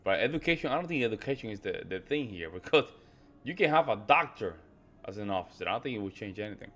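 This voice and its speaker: Low-voiced man, relaxed commentary. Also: fast talker. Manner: relaxed, reflective, slangy. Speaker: reaction video co-host. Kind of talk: casual reaction commentary.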